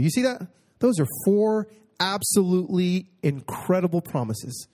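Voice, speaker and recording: In a sermon, a man shares his personal testimony, swinging from hushed storytelling to excited exclamations and reading scripture slowly and with emphasis. His voice sits high.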